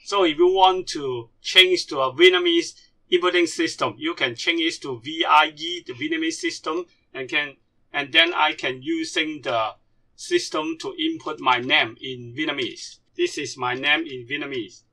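A man walks through a computer screen tutorial with halting, English. His voice is very bright and sits fairly high. He speaks as a patient language teacher. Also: fairly even intonation. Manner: halting, non-native grammar.

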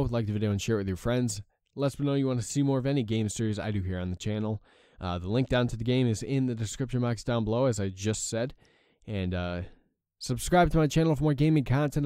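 Commentating his own gameplay, an exhausted young gaming channel host swears often and complains about the game in a let's play. His medium-pitched voice is mellow and smooth, captured at studio quality with no echo.

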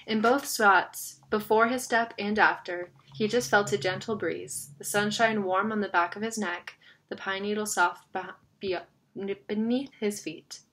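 A woman reading a children's novel aloud in a steady storytelling manner, stumbling over a word now and then. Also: mid-range voice, a little slow. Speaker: narrator.

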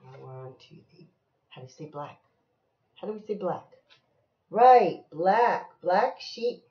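A woman reading a picture book aloud to a young child, slow and sing-song, with coaxing questions. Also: fairly low pitch, expressive, mellow, roomy sound. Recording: dull lo-fi home recording.

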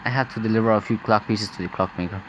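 A man's voice: fairly low pitch, fast, dull audio, a little hiss or hum, lightly acted. A man voicing a friendly metal smith in a game, cheerful and businesslike.

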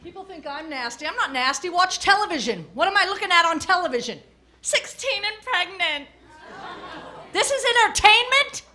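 A woman's voice: very high voice, animated, moderate pace. A woman doing crude, brash stand-up comedy on a club stage, heckling the audience. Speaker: stand-up comic. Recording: live club recording with crowd laughter and noise.

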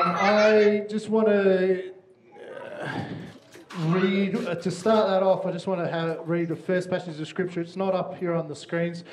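A man's voice: high-pitched, a little mellow. A man serving as children's minister, speaking upbeat to parents and kids in church and often checking in with "yeah?". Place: church hall. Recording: roomy hall with faint noise.

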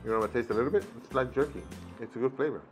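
A man's voice: medium pitch, rapid-fire, soft background music. A man doing a casual food taste test on camera, thinking aloud between bites. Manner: relaxed, thinking aloud while chewing; switches between English and Spanish with a child. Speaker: food reviewer.

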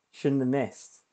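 A man's voice: medium pitch, dark tone. A man streaming a video game, chatting casually and laughing often as he plays. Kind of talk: casual gameplay commentary.

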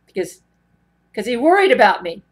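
A woman's voice: a little high, big pitch swings, moderate pace, slightly rough. A woman in a personal vlog monologue, talking earnestly and meandering, often restarting her sentences. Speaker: vlogger. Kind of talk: rambling personal monologue to camera.

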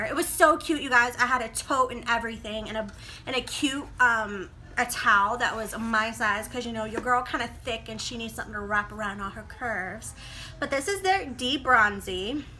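Sassy chatty young woman, bright voice. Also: on the high side, slight background noise. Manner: chatty, sassy, calls viewers honey and girl; fast-talking motor mouth. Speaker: beauty vlogger. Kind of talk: casual product review vlog. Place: home room with poor lighting.

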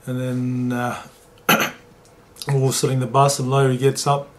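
A man, a former rugby league player telling an emotional story in an interview and getting lively when he quotes others. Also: mid-range voice, moderate pace. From New Zealand.

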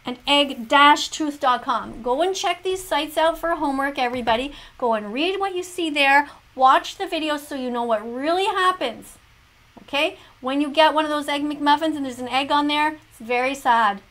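A woman's voice: high voice, normal speed, fairly bright tone. A woman teacher reacting to a video, lecturing and moralizing as if grading a class. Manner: lecturing, moralizing, grades with check marks. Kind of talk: reaction commentary in mock-classroom style.

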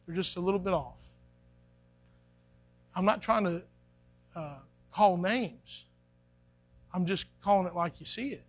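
A man preaching a sermon to his congregation in a folksy, conversational way, acting out little quotes. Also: high voice. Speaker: pastor. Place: church sanctuary. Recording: faint music behind, church live stream.

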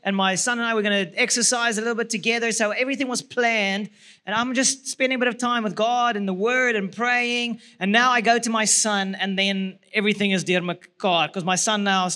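A man with a South African accent telling a lively, laughing story in a church marriage talk. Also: high-pitched, fairly quick. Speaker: marriage seminar speaker.

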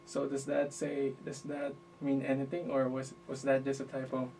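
Guy in class asking a question kinda unsure, flat voice, sounds far off with some room noise. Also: medium pitch, moderate pace. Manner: hesitant, starts with "um". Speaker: student. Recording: distant, faint room noise.

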